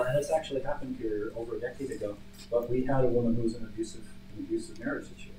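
A man leading a church Bible study as pastor, teaching conversationally and telling stories with lively emphasis. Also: medium pitch. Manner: conversational, storytelling, animated emphasis. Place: church meeting room. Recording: echoey room from far off, faint hum.

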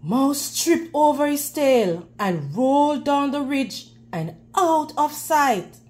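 Lady reading a kids book aloud, high voice, slow and clear, asks the kids questions. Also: lively intonation, darkish tone. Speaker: children's read-aloud narrator. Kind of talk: storybook read-aloud for children.

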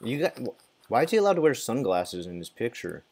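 A man's voice: medium pitch, big pitch swings, a little fast, darkish tone, slightly rough. A man casually commenting as he plays a game, muttering, reacting and sometimes swearing. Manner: mutters and reacts while playing, swears, laughs. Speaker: gaming channel host.

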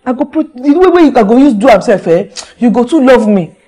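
A high-voiced, teasing housemaid. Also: female voice, lively intonation, brisk. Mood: coaxing. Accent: Nigerian Pidgin. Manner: sharp scolding and sweet coaxing. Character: teasing, meddling female house help. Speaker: actress in a Nollywood film.

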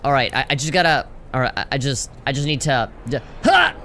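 A man's voice: mid-range voice, fast talker, sharp tone, slight background noise. A man streaming a game, reacting with jokes, laughs and swearing in casual commentary.

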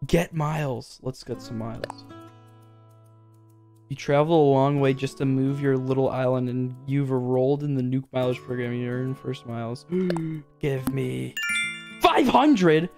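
A young man streaming a video game live, reading the on-screen text aloud and breaking into excited, high exclamations. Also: a little slow, faint music behind.

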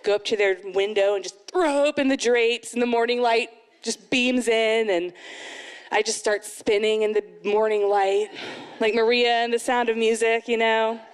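Woman comedian, stand-up set, animated, slightly high voice, bursts into squeaky character voices. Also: moderate pace, clean tone, in a large hall. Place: live comedy event venue.

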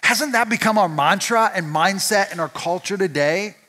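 A man's voice: sits high, moderate pace, sharp tone. A male pastor giving a conversational sermon at church, often asking the audience rhetorical questions.

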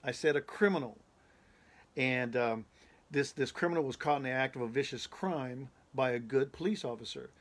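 A man's voice: mid-range voice, normal speed. A male pastor with a mid-range voice recounts a prophetic dream in the manner of a sermon. He talks emphatically, repeats key phrases, and builds intensity as he speaks. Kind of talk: preaching testimony of a prophetic dream.

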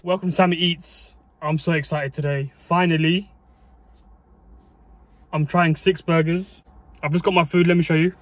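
A young man, chatting excitably in a casual food review vlog and dropping mild swears and "mate". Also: on the high side, moderate pace, pauses often, slight background noise. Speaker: food vlogger.

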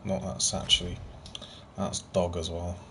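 A man's voice: sits low, flat delivery, measured pace, a bit bright. A young man chatting casually while gaming with friends, joking and swearing and sighing often, recorded on a gaming headset. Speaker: gamer playing with friends online. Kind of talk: casual gameplay chat. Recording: noisy game capture.

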